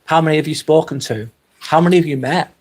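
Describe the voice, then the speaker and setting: This fast-talking livestream host has a slightly high, somewhat mellow, slightly rough voice and a Lancashire accent from Northwest England. He chats casually with viewers as he reads the chat, swearing freely.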